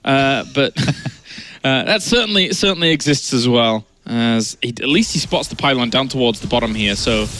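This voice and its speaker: A man calling the action of a live esports match, trading quick banter with his co-caster. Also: mid-range voice, a bit bright, a little hiss or hum. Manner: play-by-play, upbeat banter with co-caster. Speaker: esports commentator. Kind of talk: live game commentary.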